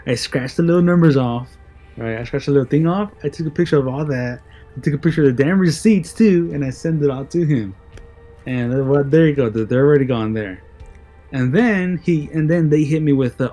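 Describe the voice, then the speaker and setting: A man's voice: on the high side, fairly quick, warm tone. A young man telling a rambling story in casual chat as a podcast co-host. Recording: music behind the talk.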